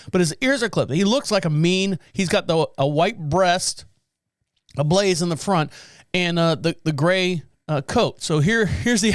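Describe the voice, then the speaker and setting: A man's voice: sits high, clean tone, no room sound, clean studio sound. A man hosting a podcast in casual chat, rambling a bit, correcting himself and chuckling as he goes. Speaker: podcast host.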